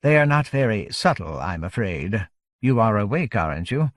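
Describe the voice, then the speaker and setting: A man voicing an unseen, soft-spoken captor in an audiobook, with a breathy, wispy voice and a calm, courteous menace. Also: lowish voice, moderate pace, no room sound, clean studio sound. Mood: polite, menacing. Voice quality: breathy, insubstantial as wind.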